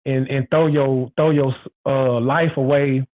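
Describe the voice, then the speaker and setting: A show host speaks frankly in a man's medium-pitched, flat, unhurried voice, delivering a casual monologue that rambles, repeats itself, and hammers its points. The audio is tinny, like it came through a phone.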